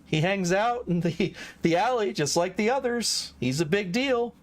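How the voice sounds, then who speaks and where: A man's voice: high voice, animated, moderate pace. A man from Texas with a Texan accent, chatting and rambling as he streams a game. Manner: chatty, rambling, self-correcting. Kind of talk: casual live-stream chat.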